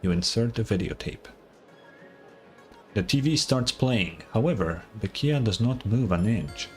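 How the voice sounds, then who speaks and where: A man's voice: fairly low pitch, lively intonation, measured pace, soft background music. Casual man reading game text aloud. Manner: casual, muttering asides, swears freely. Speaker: streamer.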